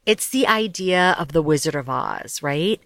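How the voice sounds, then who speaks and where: A woman's voice: low voice, unhurried, no room sound, clean studio sound. A young woman hosting her own podcast, talking casually and chattily about life coaching, with light laughter and loose asides. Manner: chatty, animated, laughs often, swears lightly. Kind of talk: casual solo podcast talk.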